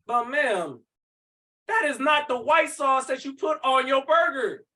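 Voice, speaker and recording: A man's voice: extremely high pitch, animated, a little slow, sharp tone, distant mic. A man co-hosting a podcast, talking in loose, crude slang and laughing often as he riffs. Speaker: podcast co-host. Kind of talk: casual podcast banter.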